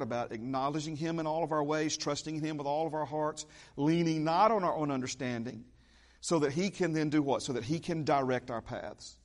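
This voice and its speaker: Emphatic preaching man, slightly high voice. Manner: emphatic, repeats key phrases, asides to the congregation. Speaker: pastor. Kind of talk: sermon.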